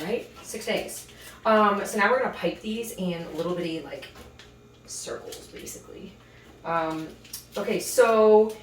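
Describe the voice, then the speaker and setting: A woman's voice: fairly low pitch, far from the mic. A woman hosts a home baking show and spills her dating stories in a chatty, sassy voice. She slips in puns as she works. She sits back from the mic in a roomy kitchen with a faint hum behind her. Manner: chatty, sassy, punning asides. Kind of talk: casual storytelling while baking.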